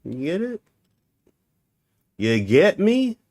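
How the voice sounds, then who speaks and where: A man's voice: on the high side, expressive, measured pace, smooth. A young man streaming, chatting casually and joking with made-up nonsense words. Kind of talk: casual livestream chat.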